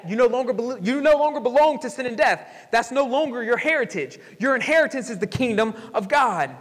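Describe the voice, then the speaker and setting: A young man preaching a sermon as pastor, mixing slow emphatic scripture reading with slangy asides and rising, fervent stretches. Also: very high-pitched, expressive. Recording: church hall with long reverb.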